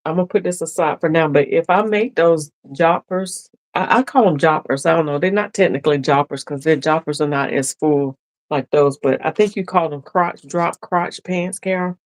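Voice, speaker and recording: A woman with a low voice speaks at a moderate pace, with no room sound in the recording. She's hosting a casual sewing live stream, chatting and laughing as she talks directly to her viewers.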